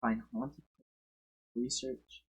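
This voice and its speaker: Husky-voiced man streaming casually. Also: mid-range voice, very slow, lo-fi sound. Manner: swearing, loud bursts of excitement. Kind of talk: casual reaction commentary.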